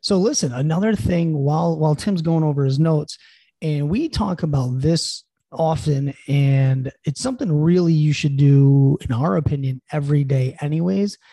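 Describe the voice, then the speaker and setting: Warm, husky man giving upbeat advice. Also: fairly high pitch, moderate pace, no room sound. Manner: earnest, encouraging, many fillers like "you know". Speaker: podcast co-host. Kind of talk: casual chat.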